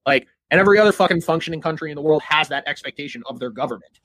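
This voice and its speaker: A man's voice: a little high, lively intonation, very fast, a bit bright, no room sound. A man in casual political chat, heated and profane, leaning on lots of filler words.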